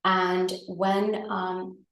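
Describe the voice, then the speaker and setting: Gravelly middle-aged woman in an echoey room. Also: lowish voice, flat delivery, very slow, a bit bright. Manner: chatty, with frequent tag questions and fillers. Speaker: guest. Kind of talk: personal storytelling in conversation. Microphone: video call.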